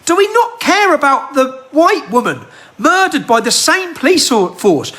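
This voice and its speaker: A political commentator rants heatedly into a handheld phone, delivering an impassioned monologue to camera packed with rhetorical questions. His very high-pitched voice is bright and forceful, swinging widely in pitch at a measured pace.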